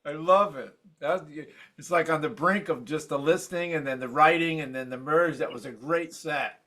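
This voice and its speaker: A man's voice: fairly high pitch, moderate pace, sharp tone. A man, a fellow poet, chatting casually on a video call and praising a set with enthusiasm. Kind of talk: casual chat.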